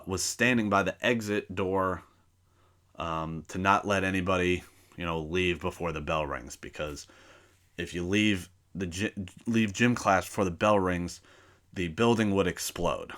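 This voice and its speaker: Low, bright-voiced man telling a profane story. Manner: profane, animated anecdote telling with acted-out dialogue. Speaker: podcast host. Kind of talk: casual solo podcast storytelling.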